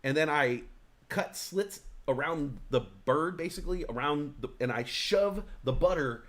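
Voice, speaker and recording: A man hosting a live talk stream, chatting casually in a rambling, excitable, profane way. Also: a little high, measured pace. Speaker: talk show host. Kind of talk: casual chat.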